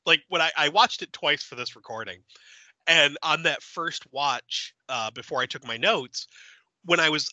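A man's voice: medium pitch, bright, forceful tone, no room sound. A man co-hosting a podcast, recapping a film in casual chat, laughing often and swearing freely. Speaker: podcast co-host.

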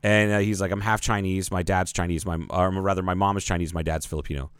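Guy on a podcast, lowish smooth voice, dry sound, just chatting and telling a story. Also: fairly even intonation, fast talker, no room sound. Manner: storytelling, quotes people, swears. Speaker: podcast co-host. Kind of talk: casual chat. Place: podcast studio.

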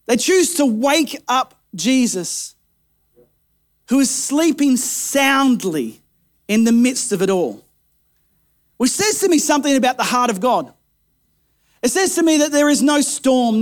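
High-voiced male pastor preaching intensely. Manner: dramatic, swings between quiet intensity and rising emphasis. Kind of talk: sermon.

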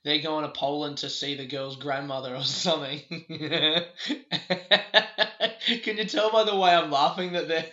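A man's voice: a little high, fairly even intonation, fairly quick, hardly any pauses, fairly bright tone. A young Australian man with an Australian accent telling a story in a casual, rambling way, laughing often and swearing freely. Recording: echoey room, dull lo-fi sound.

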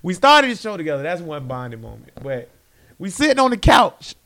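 Chatty man, slightly high voice. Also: fairly quick. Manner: relaxed, chatty, storytelling. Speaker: podcast co-host. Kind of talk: casual sports podcast banter.

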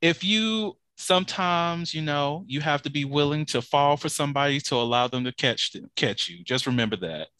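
A man's voice: fairly high pitch, normal speed, hardly any pauses, bright, forceful tone, dry recording. A man hosting a podcast, chatting casually and playfully, laughing often. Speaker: podcast host. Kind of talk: casual chat.

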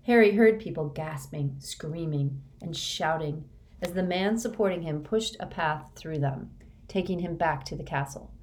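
Deep-voiced female audiobook narrator, measured, even read. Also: slight background noise. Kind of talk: scripted narration.

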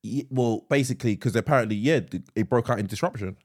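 A man's voice: medium pitch, fast, slightly rough. A middle-aged man co-hosting a podcast, chatting casually and acting out the people in his stories. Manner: animated storyteller, acts out voices. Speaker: podcast co-host. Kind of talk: casual chat.

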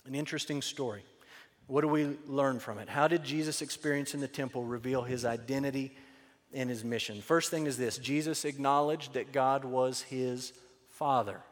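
A man preaching a sermon, his voice sitting somewhat high for a man. He tells the story with emphasis and settles into an earnest, lower tone to drive his points home. His words ring out with a long reverb, as if spoken in a large hall. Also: normal speed. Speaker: pastor.

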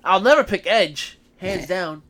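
A man's voice: high voice, animated, unhurried, fairly bright tone. A man co-hosting a podcast, chatting casually and laughing as he lists and explains his picks. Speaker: podcast co-host. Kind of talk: casual wrestling chat.

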